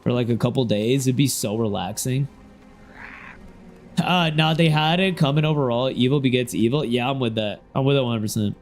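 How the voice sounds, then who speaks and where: A man's voice: medium pitch, a little fast, faint music behind. Slangy young man streaming, chatting loosely. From Ohio. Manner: loose, slangy, reacts with sudden excited shouts. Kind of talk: casual game stream chat.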